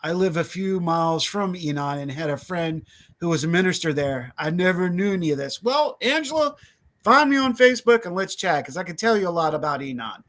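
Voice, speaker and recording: Man, podcast guest, lively raconteur who acts out quotes; a touch higher voice. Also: fairly quick. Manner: animated, acts out quoted voices, laughs often. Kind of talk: casual storytelling.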